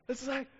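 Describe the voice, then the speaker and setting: A man preaching a sermon and telling a story, animated and often laughing. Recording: dull sound with long hall reverb.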